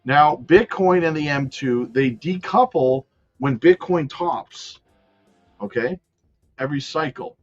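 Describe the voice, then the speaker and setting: A man hosting a casual crypto livestream, reading viewer comments and talking through charts in a loose, chatty way that swings from loud to muttered. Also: a little high, slow, dull audio, soft background music. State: has the hiccups.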